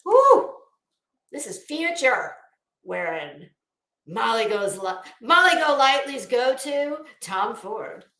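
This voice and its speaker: Middle-aged woman, slow and sassy fashion commentator, bright tone, echoey room. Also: fairly high pitch, sing-song. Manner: chatty, opinionated and sassy. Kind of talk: casual commentary.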